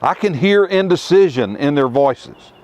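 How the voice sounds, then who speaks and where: Middle-aged guy teaching a bible lesson to a tour group outside, emphatic, asks questions then pauses. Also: a little high, animated, darkish tone, lo-fi sound. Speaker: tour guide teaching scripture. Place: outdoors at ruins.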